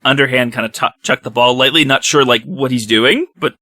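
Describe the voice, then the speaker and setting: Player, male, bright tone, dry close sound, hesitant, lots of ums. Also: medium pitch, a little fast, no echo. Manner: hesitant, many fillers. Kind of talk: tabletop game play.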